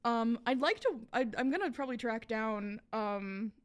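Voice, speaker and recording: A woman's voice: fairly high pitch, lively intonation, normal speed, smooth. A woman hosting a reaction video, talking casually with lots of fillers and restarts. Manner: chatty, many fillers and restarts.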